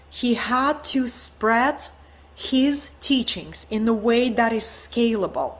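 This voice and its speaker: Woman host of an online course, slow and inspirational, with a high voice and frequent rhetorical check-ins. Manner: earnest, inspirational, often checks in with rhetorical "right?". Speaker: host and teacher of an online event. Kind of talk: storytelling talk in an online teaching session.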